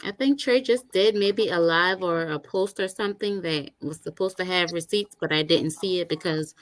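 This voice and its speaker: A woman hosting a casual chat, talking about online drama in a chatty, animated way with lots of slang. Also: fairly low pitch, moderate pace, dry recording. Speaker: host.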